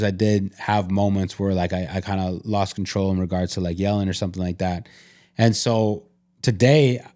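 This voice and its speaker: A man's voice: on the low side, mellow. A man co-hosting a podcast, talking earnestly and openly, full of "like" fillers and restarts. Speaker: podcast co-host. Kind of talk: candid conversational podcast.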